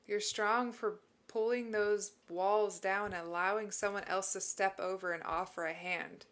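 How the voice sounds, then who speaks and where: With a medium-pitched, fairly even voice and an unhurried delivery, a woman running a livestream responds to chat and encourages viewers on mental health. She is warm yet emotional and teary.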